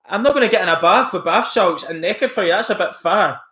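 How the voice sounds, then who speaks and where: His voice is high-pitched, bright and forceful, and he talks fairly quickly. He's live-streaming from home in a room with noticeable echo, loosely reacting to the chat and mocking a troll.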